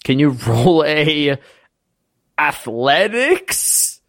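A man's voice: a little high, very animated, extremely slow, fairly bright tone. A man running a tabletop game as game master, narrating casually with lots of fillers.

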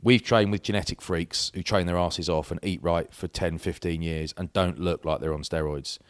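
At a moderate pace and with a steady tone, this low-voiced middle-aged co-host rambles through casual podcast anecdotes, often stopping to restart. The recording is dry and studio-quality.

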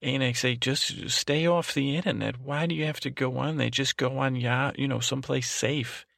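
A man's voice: mid-range voice, steady tone, normal speed, gravelly, a bit bright, no room sound, studio quality. A man voicing an overprotective, cranky old grandmother who rambles, trails off and restarts constantly in a comic improvised monologue. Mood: rambling. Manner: meandering, trails off, frequent restarts and "I don't know". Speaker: podcast host.

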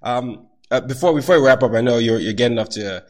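A man's voice: medium pitch, fast, a little mellow. A young man hosting a podcast, reacting with eager, gushing praise and then asking his guest questions. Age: young adult. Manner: enthusiastic, gushing interjections. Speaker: podcast host. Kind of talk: podcast interview.

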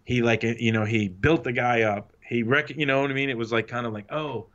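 Man, storytelling guest, muffled lo-fi sound, mid pitch, acts out quotes. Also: fairly quick. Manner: animated, acts out quotes with raised pitch, swears freely. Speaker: former wrestling writer, interview guest. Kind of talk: casual storytelling interview. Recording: muffled lo-fi audio.

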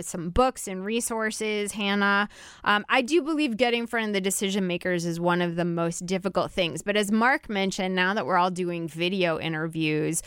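A woman hosts a call-in radio show in a chatty, easygoing way and laughs readily. Her voice is smooth and clear. The sound is dry and close. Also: medium pitch, a bit bright, no echo.

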